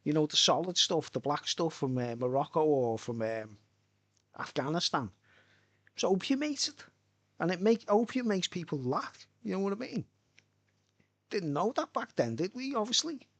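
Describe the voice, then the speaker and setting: A man's voice: a little high, sing-song, normal speed, a bit bright, no echo. A middle-aged man, chatting loosely and swearing on a live stream from home. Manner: swearing, rambling, chatty, laughs a lot. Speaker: livestreamer. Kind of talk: rambling casual live-stream chat.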